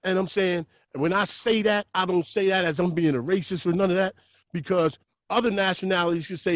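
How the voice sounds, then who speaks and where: Animated, profane man telling stories. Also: high-pitched, a little fast, dry recording. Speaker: podcast guest. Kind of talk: casual podcast talk.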